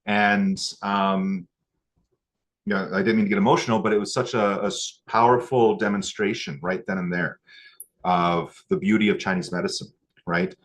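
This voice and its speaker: A man's voice: low voice, fairly even intonation. A man teaching acupuncture, telling a moving story from his training and getting choked up before returning to needling technique. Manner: emotional, choked up at times; pauses with fillers and restarts. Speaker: acupuncture instructor. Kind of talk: teaching a class with a personal story.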